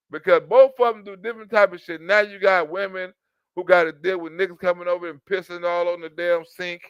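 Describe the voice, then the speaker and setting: This high-pitched man speaks with a fairly bright, clean tone in a dry recording with dull audio. As a commentary vlogger, he delivers a loose, profane rant full of rambling and frequent laughter. He leans on repeated fillers, especially "you know what I'm saying."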